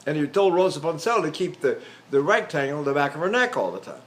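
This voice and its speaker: An older male voice teacher lectures on singing technique, his trained tenor pitched high among men. His speech swings widely in pitch as he explains, stopping now and then to demonstrate on sung syllables. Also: very animated, quick pace, a bit bright. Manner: demonstrates with sung syllables and vowels, talks with fillers and restarts.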